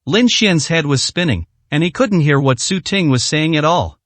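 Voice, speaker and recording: A man narrating a dramatic story in a scripted, expressive reading. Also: fairly high pitch, normal speed, no echo.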